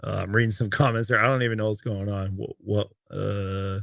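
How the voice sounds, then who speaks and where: Guy with a gravelly kinda low voice rambling thru stats on his live chat, dry close sound. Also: fairly even intonation, unhurried, pauses often, a bit bright, no room sound. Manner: reads out game stats and viewer comments, loose and rambling. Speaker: sports fan livestream host. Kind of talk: casual live-stream chat.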